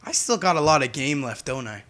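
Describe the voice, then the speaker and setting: A man's voice: mid-range voice, animated, a little fast, fairly bright tone. A young man giving casual, chatty gameplay commentary as a YouTuber, humming and drifting off topic. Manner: chatty, distracted, hums to himself. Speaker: gaming YouTuber.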